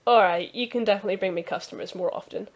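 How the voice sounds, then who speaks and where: A woman's voice: medium pitch, racing, slight background noise, lightly acted. A woman voicing a busy, flirty stable master who talks in a breezy, teasing way.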